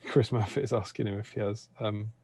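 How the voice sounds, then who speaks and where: Gravelly, mellow-voiced man chatting on stream. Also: on the low side, fairly even intonation, brisk. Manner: chatty, rambling with fillers. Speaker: co-host of a tabletop wargame stream. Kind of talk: casual stream chat. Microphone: remote video call.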